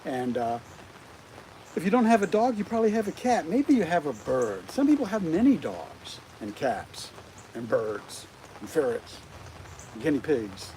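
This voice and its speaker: Livestream host, man, middle-aged, high-set voice that bounces around, chatty with viewers. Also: a little slow, rough recording. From United States. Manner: animated, keeps asking the viewers rhetorical questions. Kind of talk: casual livestream chat. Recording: rain noise clearly audible outdoors.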